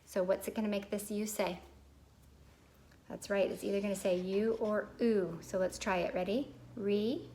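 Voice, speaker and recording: A woman's voice: medium pitch, fairly even intonation, normal speed, dark tone, slight background noise. A woman teaching a recorded phonics lesson to young children, patient and prompting them to repeat words.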